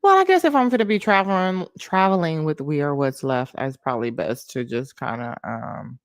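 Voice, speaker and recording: A young woman hosts a casual livestream, laughing and thanking viewers by name. Her voice jumps up and down in pitch with lots of expression. The sound is dry and close to the mic. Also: expressive, normal speed, no room sound. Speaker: livestream host.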